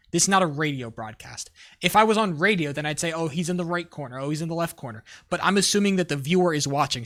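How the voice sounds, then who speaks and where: A man's voice: fairly high pitch, bright, forceful tone. A man streaming live, coaching a caster in a blunt, profane, emphatic way with rambling restarts.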